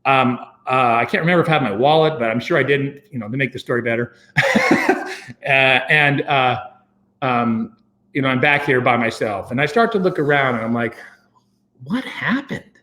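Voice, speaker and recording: An American man casually telling a long story, acting out his own thoughts in a rambling, animated way. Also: a little fast. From United States. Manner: animated, acts out his own past thoughts with sudden jumps in pitch; rambling, with many fillers and restarts.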